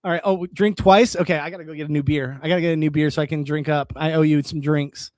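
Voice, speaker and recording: A young man from California chatting casually on a live stream, reading viewer comments and reacting in an excitable way, laughing often. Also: a little high, fast, dry recording, clean studio sound.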